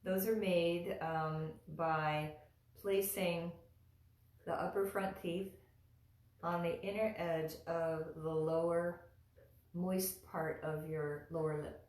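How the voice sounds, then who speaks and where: Slow, patient woman teaching chants. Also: lowish voice, fairly even intonation, darkish tone, roomy sound. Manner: slow, careful, repeats sounds for the listener. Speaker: mantra pronunciation teacher.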